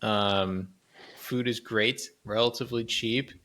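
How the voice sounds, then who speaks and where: A man's voice: lowish voice, fairly even intonation, takes it slowly, bright, forceful tone. A man co-hosting a podcast, telling a rambling travel story in casual chat, laughing often. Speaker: podcast co-host.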